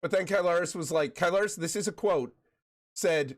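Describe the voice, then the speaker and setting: A man's voice: high voice, normal speed. A man streaming a game, joking and greeting viewers by name, while getting over a chest cold that makes him cough. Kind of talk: casual chat with viewers while gaming.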